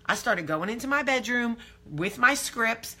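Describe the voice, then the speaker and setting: Brash, bright-voiced woman vlogger. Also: on the high side, unhurried. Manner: brash, profane, animated storytelling. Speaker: vlog host. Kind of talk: candid storytelling to camera.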